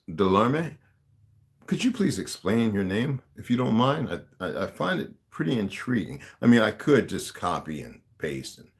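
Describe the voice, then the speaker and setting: A man talking casually to his viewers, rambling with many restarts and asides. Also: very deep voice.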